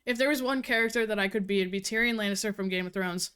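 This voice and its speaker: A woman livestreaming casual chat with her viewers, talking fast and cursing freely, a little out of breath. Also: medium pitch, fairly bright tone, smooth. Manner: fast-talking, profane, giggly. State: slightly out of breath. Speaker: livestreamer reviewing books.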